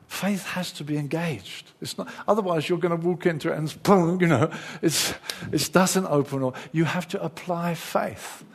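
A middle-aged man preaching a lively sermon, acting out the inner voices of his listeners. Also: on the high side, normal speed, gravelly, few pauses, slightly rough.

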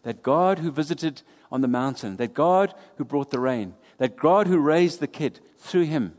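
A man preaching a sermon, swinging between loud and hushed as he drives his points home. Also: a little high, lively intonation, a little slow. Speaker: pastor. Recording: long hall reverb.

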